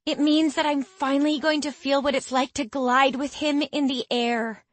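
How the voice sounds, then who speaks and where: Woman narrator doing a bubbly high young schoolgirl, eager and gushing, dry close read. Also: level tone, normal speed, no echo, close to an everyday voice. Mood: excited. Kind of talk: audiobook character voice.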